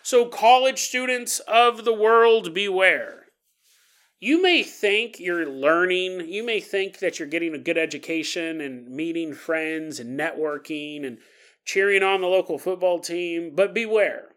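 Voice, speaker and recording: A man hosting a paranormal storytelling podcast, talking casually in an animated, jokey way and laughing often. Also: high-pitched, a little slow, clean tone. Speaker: podcast host.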